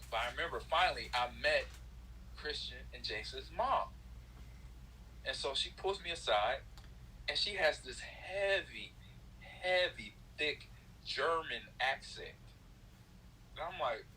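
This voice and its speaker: A man's voice: mid-range voice, bright, forceful tone, slight background noise, rough recording. A middle-aged man, a former football player who grew up in Los Angeles, telling a story as a guest, acting out what others said and laughing often. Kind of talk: animated storytelling.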